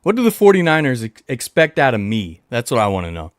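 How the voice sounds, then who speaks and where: A man hosting a casual livestream chat, talking to his viewers in a playful, animated way. He blows kisses into the mic, repeats lines for emphasis and refers to himself in the third person. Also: mid-range voice, quick pace, dry recording, studio quality. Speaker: livestream host.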